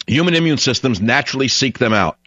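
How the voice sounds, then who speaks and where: A man's voice: mid-range voice, lively intonation, fast, fairly bright tone, slightly rough, no echo, lo-fi sound. A man hosting a radio talk show, delivering a blunt, opinionated, rambling monologue.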